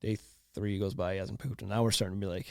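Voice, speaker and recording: A man's voice: lowish voice, fast, creaky, no room sound, studio quality. A man in his thirties hosting a podcast, telling a story in a loose, laughing way with lots of fillers. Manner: animated, laughing, many fillers. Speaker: podcast host. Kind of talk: casual storytelling.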